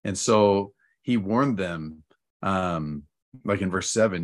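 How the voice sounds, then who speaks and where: Low-voiced man in relaxed lesson-planning chat. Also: slow. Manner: relaxed, rambling with fillers and restarts. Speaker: seminary teacher. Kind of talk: casual teaching-prep chat.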